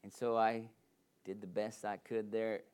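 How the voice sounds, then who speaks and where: A man's voice: fairly low pitch, flat delivery, measured pace, darkish tone, clean tone. A man preaching a sermon as pastor, emphatic with a repetitive, building cadence.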